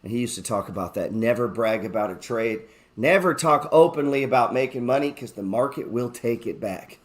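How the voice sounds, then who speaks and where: A man's voice: mid-range voice, expressive, brisk. A man hosting a live stock market show, chatting casually, joking and swearing freely as he talks through his trades. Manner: reads viewer chat aloud.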